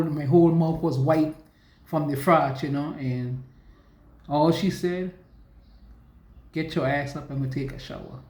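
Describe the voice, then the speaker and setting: Woman, personal testimony, halting with restarts, roomy echo. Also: very deep voice, dark tone. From US Virgin Islands. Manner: halting, with restarts and slow emotional stretches. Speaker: survivor sharing her story.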